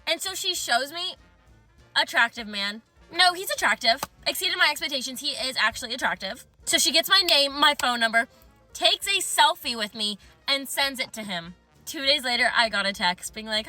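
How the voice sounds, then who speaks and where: A woman's voice: high-pitched, animated, moderate pace, bright, forceful tone, faint music behind. A young woman telling a story casually to camera, chatty with lots of "like" and swears she cuts off.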